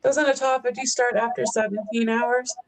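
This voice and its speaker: A woman's voice: on the high side, little pitch movement, moderate pace, rough recording. A woman co-hosting a casual live-stream chat, talking fondly and in baby-talk to her dog between stories. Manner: baby-talks to her dog, chatty and fond. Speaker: co-host.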